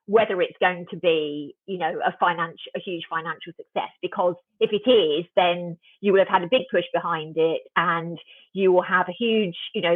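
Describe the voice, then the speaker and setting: A woman's voice: lowish voice, husky, no echo. A woman, a guest author, talking reflectively in an interview, often restarting her sentences. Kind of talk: conversational interview. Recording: tinny dry phone line.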